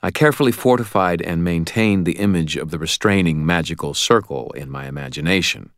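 A man narrating a novel in the first person, telling it in a steady, plain way. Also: deep voice, fairly quick, no echo, studio quality. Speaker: audiobook narrator.

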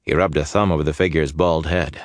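Deep-voiced man reading a novel. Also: fairly even intonation, fairly quick, dry recording. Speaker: audiobook narrator. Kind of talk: scripted narration.

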